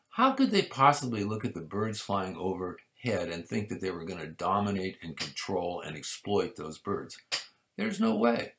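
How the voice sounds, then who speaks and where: A man delivers a sermon in a low, gravelly voice. He speaks in measured phrases that rise to emphatic peaks and fall back to quiet asides. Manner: measured preaching with emphatic rises and soft drops. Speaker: pastor.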